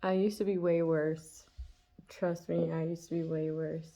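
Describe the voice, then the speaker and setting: A woman's voice: deep voice, flat delivery, unhurried, dark tone. A woman giving a casual, chatty tarot reading, laughing often and full of fillers. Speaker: tarot reader.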